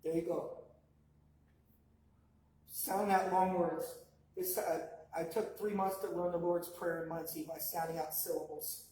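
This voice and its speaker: A man teaching a language class, sounding out words slowly syllable by syllable and correcting learners. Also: fairly high pitch, little pitch movement, warm tone. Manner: slow, drawn-out pronunciation drills by syllable. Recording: echoey, distant mic with faint noise.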